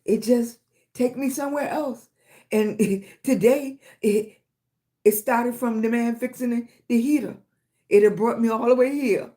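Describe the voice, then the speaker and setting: A woman's voice: a little high, measured pace, mellow. A middle-aged woman from Virginia, hosting a livestream, giving encouragement and greeting viewers affectionately by name, often asking "right?". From Virginia, USA. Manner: affectionate, calls listeners baby and sweetie, keeps asking "right?". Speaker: livestream host. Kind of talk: live-stream motivational talk and greeting viewers.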